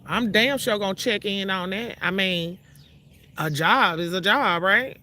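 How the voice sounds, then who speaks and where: Outside her trailer, a Mississippi woman vlogs a ranting call-out to her viewers, brash, profane and confrontational. Her mid-range voice runs a little slow and sounds pushed and bright.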